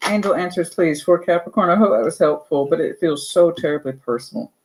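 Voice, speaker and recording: A woman's voice: on the low side, brisk, low-quality recording. A woman giving a tarot card reading in a chatty way, repeating her points and calling the listener honey. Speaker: tarot reader.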